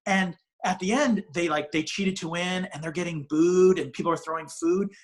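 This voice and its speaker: A man's voice: high voice, normal speed. A male comedian telling a long, rambling, self-mocking story in a casual interview, swearing freely and restarting his sentences. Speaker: comedian guest.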